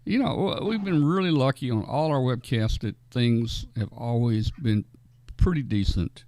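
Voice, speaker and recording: A man's voice: mid-range voice, moderate pace, warm tone. A man hosting a casual radio hobby webcast, rambling and repeating words as he thinks. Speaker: host. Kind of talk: casual chat.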